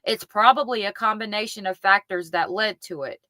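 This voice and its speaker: A woman reading case notes aloud in a plain, steady way on a live chat stream. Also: mid-range voice, normal speed, no echo, low-quality recording.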